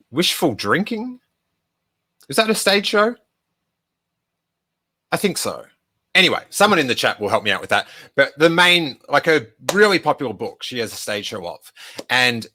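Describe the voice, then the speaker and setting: Bright-voiced man telling a story. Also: lowish voice. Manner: chatty, rambling anecdote with many "like" fillers. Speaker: podcast host. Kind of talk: live stream Q&A storytelling.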